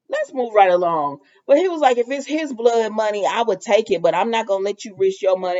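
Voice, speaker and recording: A woman's voice: mid-range voice, lively intonation, a little fast, hardly any pauses, a little mellow, highs cut off. A woman casually recapping a soap opera episode, chatty and loose, with lots of fillers and asides.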